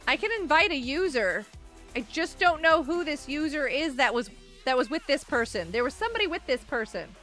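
A woman's voice: high-pitched, lively intonation, brisk, fairly bright tone, soft background music. A woman hosting a casual gaming livestream, chatting with viewers, giggling often and reading out chat messages. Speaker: livestream host.

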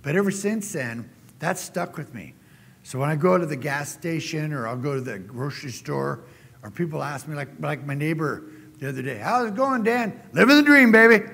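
A middle-aged man preaching a sermon as a guest speaker, telling folksy stories and getting animated when he quotes people. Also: on the high side, moderate pace, vocal fry, breathy edge. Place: church sanctuary. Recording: church hall reverb.

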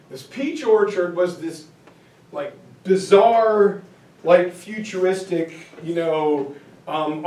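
A man giving a history lecture as a lively story, full of fillers and acted-out voices. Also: high-pitched. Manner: acts out quoted soldiers in voices, lots of fillers. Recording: echoey room, speaker far from mic.

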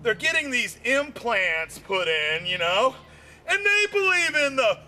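A man with a very high, bright voice rambles through a stand-up comedy routine. He talks slowly and keeps circling back with "you know". His voice climbs even higher as he gets worked up. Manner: voice jumps high when excited.

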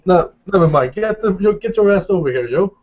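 A man voicing a brash young male vampire who swears and shouts greetings in crude slang, on a dull lo-fi recording. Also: high-pitched, steady tone, moderate pace, pitched above the performer's own voice. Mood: rowdy.

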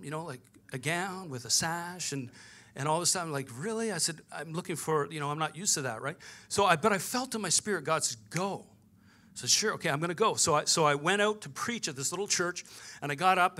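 A pastor preaching in a bright, forceful voice that sits a little high for a man. He tells his story through lively back-and-forth dialogue, acting out each exchange as he goes. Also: fairly quick. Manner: storytelling with quoted dialogue, animated. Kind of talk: sermon.

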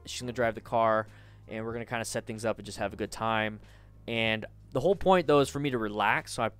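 A man's voice: medium pitch, clean tone. A man in his thirties chatting casually from home as a livestream host, reading viewer comments, restarting and repeating himself.

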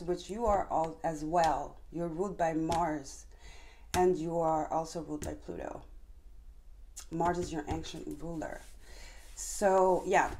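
A woman giving a tarot reading to viewers, talking fast and passionately and calling on Spirit. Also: lowish voice, darkish tone, slight background noise. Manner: addresses viewers directly, calls on Spirit. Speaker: tarot reader.

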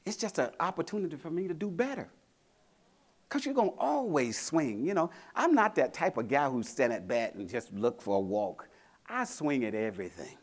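A man's voice: fairly high pitch, moderate pace. A middle-aged man from Mississippi, giving a motivational keynote speech and telling stories with acted-out quotes. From Mississippi, USA. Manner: animated storytelling, acting out quotes, rallying the crowd. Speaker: motivational speaker. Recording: convention hall.

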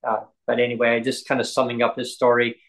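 A man chatting casually on a podcast, telling stories in a halting, rambling way with many ums and restarts. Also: mid-range voice, monotone, a bit bright, poor audio. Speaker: podcast host and guest. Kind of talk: casual chat.

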